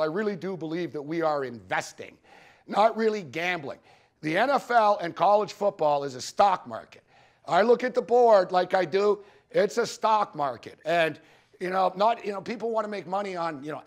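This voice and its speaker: High-voiced man telling rowdy betting stories. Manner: profane, storytelling, punchy repetitions. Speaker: sports betting show host giving a conference talk. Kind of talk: animated anecdotal presentation. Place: conference room with audience.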